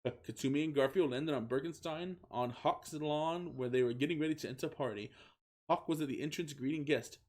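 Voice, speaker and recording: A man's voice: on the high side, a little fast. Man reading fan fiction aloud. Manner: reads in a flat voice, often breaking into laughter. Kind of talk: comedic dramatic reading.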